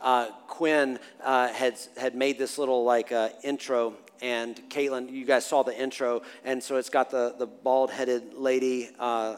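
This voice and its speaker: A man in his forties preaching a sermon and telling a family story, animated, swinging from hushed to loud and laughing. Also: mid-range voice, smooth. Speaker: pastor. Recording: long hall reverb with faint music.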